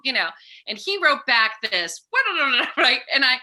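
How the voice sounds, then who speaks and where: A middle-aged woman speaking as a podcast guest, talking in a lively, animated way and acting out bits of dialogue. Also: sits high, slow. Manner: animated, acts out remembered dialogue. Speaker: guest, author and peace educator. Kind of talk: casual podcast conversation.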